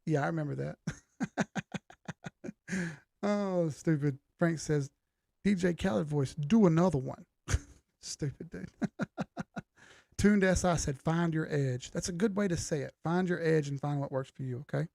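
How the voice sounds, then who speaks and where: A man runs a relaxed live chart stream, joking and talking loosely as he goes through the chat. His gravelly voice sits slightly high for a man, sounds a little mellow, and is strained to the point of cracking. He speaks at a moderate pace, recorded close and dry without echo.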